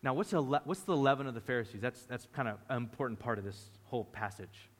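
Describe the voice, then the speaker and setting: A man preaching a lively sermon, often acting out the voices of the people in the story. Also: mid-range voice, quick pace. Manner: animated, acts out voices of disciples. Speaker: pastor. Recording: reverberant hall.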